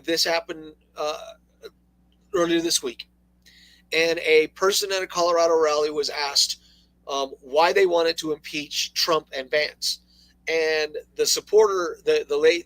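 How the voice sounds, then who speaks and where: Talk radio co-host, male, high pitch, dry close sound, sarcastic and animated. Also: no room sound, rough recording. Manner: animated, laughing, sarcastic asides. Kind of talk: casual political radio talk.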